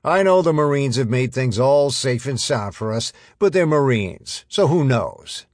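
A man voicing a big, gruff army platoon sergeant with a flat Midwestern accent, barking orders at his squad. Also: medium pitch, moderate pace, dry recording, clean studio sound, pitched above the performer's own voice, close to an everyday voice. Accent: flat Midwestern American.

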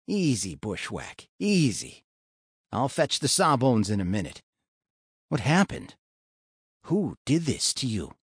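A grim frontier marshal, voiced by a man. He speaks in short commanding bursts with a slightly husky edge. The tone stays steady and flat-footed. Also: medium pitch, slow pace, pauses often, dry recording, studio quality, full character voice. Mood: urgent.

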